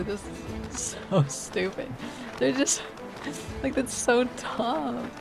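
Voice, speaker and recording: A young woman giving casual, joking commentary over gameplay, often incredulous and quick to laugh. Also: on the high side, creaky. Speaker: gameplay streamer. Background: game music.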